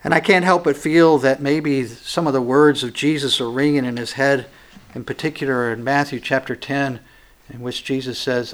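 A man preaching a sermon, swinging from loud, emphatic stresses down to hushed, quiet lines. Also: medium pitch, fairly even intonation, moderate pace.

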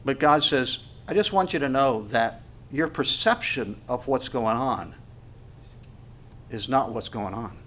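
A man preaching a sermon, reading scripture aloud with rising force and dropping low for asides to the congregation. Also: unhurried, a bit bright. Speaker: pastor.

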